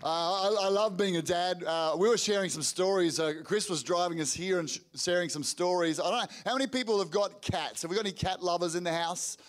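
A middle-aged man preaching to a church congregation, telling lively family stories with quick restarts and acted-out quotes. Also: high voice. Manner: energetic storytelling with rapid restarts and acted-out quotes. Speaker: pastor. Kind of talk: sermon storytelling. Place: church hall before a congregation.

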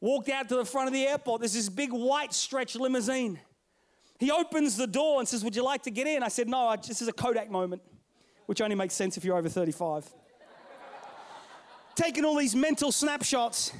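High-voiced man preaching a sermon. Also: normal speed. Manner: storytelling, swings between loud and hushed.

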